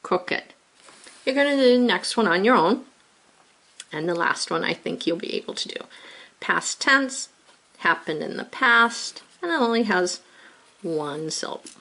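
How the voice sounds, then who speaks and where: A woman's voice: mid-range voice, expressive, moderate pace, bright, forceful tone. A woman teacher giving a recorded spelling lesson, thinking aloud patiently as she works through the words.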